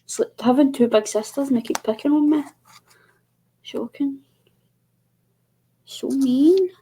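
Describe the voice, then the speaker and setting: A woman's voice: high-pitched, quick pace, mellow, slight background noise. A chatty, giggly woman co-hosting a casual craft livestream over a video call. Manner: chatty, giggly, mimics voices. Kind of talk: casual chat.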